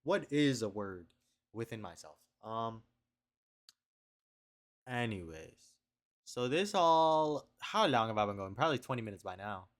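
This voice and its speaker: A man's voice: lowish voice, lively intonation, moderate pace, pauses often, a bit bright. A young man rambling through a confessional video diary at home on his webcam, trailing off and repeating himself. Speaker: video diarist.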